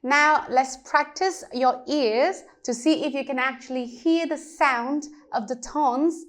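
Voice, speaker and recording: Female language teacher, slow and patient, slightly high voice. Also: a bit bright. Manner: patient, explains step by step with examples. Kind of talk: slow pronunciation lesson.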